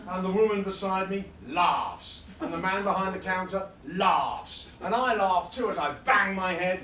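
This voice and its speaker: A man performing comic spoken-word poetry live at a festival, rhythmic and building into rapid-fire lists. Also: high-pitched, sharp tone. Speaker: performance poet. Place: fringe festival venue, live audience. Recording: roomy sound from a distant mic.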